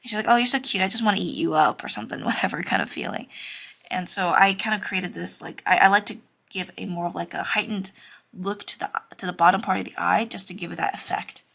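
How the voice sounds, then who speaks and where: A woman's voice: lowish voice, fairly even intonation, fast, gravelly, pushed and bright. A young woman teaching anime drawing in a casual, chatty way, with lots of fillers and some self-conscious giggling. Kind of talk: casual drawing tutorial narration.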